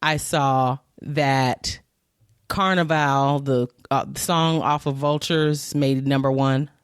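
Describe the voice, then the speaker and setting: A woman's voice: a bass voice, takes it slowly, smooth, no room sound, clean studio sound. A woman co-hosting a podcast, retelling gossip in a casual, slangy way and quoting people as she goes. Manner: animated storytelling, quoting others, slangy. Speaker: podcast co-host.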